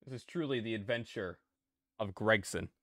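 A man hosting a game stream in casual, excitable chat, breaking into playful exclamations. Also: fairly low pitch, normal speed, no room sound, studio quality. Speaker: streamer and host.

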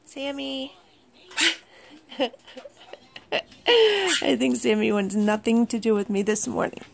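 A woman at home in the morning, talking unhurriedly to her pets and her viewers, cooing to the animals in a soft, doting voice. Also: a little high, big pitch swings, slow, gravelly, background noise. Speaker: pet owner vlogger. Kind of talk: casual talk to pets and viewers. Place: at home indoors, early morning.

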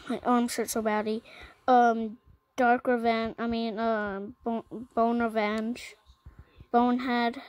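Slow, high-voiced female gaming vlogger. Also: a little mellow, dry recording, poor audio. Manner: listing items one by one, with many ums and pauses. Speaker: gaming channel host. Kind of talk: casual gaming vlog.

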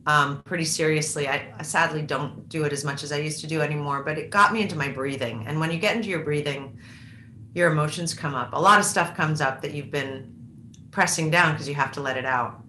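A woman's voice: low-pitched, a little fast, sharp tone, roomy sound. A middle-aged American woman speaking as an interview guest, reflective and thoughtful, often restarting her sentences. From United States. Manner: reflective, with frequent restarts and fillers. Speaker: author and actress, interview guest. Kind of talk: conversational interview.

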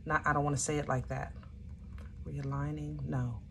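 A woman's voice: sits low, little pitch movement, moderate pace, noisy background. A woman giving a casual, chatty tarot reading to her viewers, emphatic and often searching aloud for the right word. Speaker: tarot reader.

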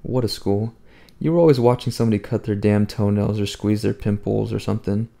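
Guy reading a book aloud, low mellow voice, casual and wry, swears a lot. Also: fairly even intonation, fairly quick, vocal fry. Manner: conversational, wry, profane storytelling. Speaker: audiobook reader. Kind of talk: first-person novel narration.

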